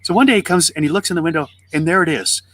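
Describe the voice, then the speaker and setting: A man on a faith podcast, telling a parable and acting out its voices with lively swings in his delivery. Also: a little high, rapid-fire. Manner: animated storyteller, acts out the voices in his story. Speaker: podcast co-host. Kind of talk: faith podcast conversation, storytelling.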